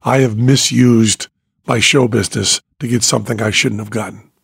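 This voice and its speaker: Older man, gravelly voice, husky edge, animated podcast storytelling, swings from hushed to loud. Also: medium pitch, moderate pace, dry recording, clean studio sound. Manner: animated, swings from quiet to near-shouting when acting out panic. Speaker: podcast host, magician and comedian.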